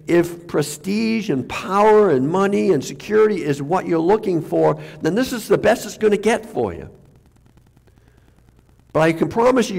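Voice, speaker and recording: A male pastor delivering a conversational sermon in a slightly high, gravelly voice. He restarts his sentences often and sometimes sinks almost to a whisper. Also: a little mellow. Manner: conversational, with restarts and sudden drops to near-whisper.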